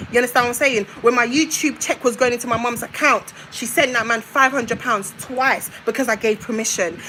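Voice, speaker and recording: A woman's voice: fairly high pitch, pushed and bright, slight background noise, rough recording. A young woman on a live stream, ranting in a confrontational way and hammering her points home with repetition. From United Kingdom. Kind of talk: heated live-stream rant.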